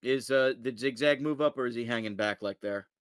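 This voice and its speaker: A man playing in a tabletop game, chatting casually in an excitable, jokey way. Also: mid-range voice, a little fast, clear, resonant tone, dry recording, studio quality. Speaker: player.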